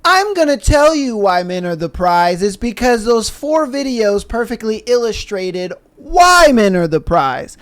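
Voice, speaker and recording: A man's voice: high voice, sing-song, a little slow, hardly any pauses, fairly bright tone, clear, resonant tone. A man hosting a podcast, arguing his point emphatically with rhetorical questions. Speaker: podcast host. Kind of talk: casual podcast commentary.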